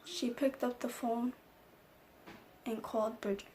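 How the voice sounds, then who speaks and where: A woman vlogger telling a personal story in a soft, low-key storytime chat. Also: fairly even intonation, measured pace, slight background noise. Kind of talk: casual storytime.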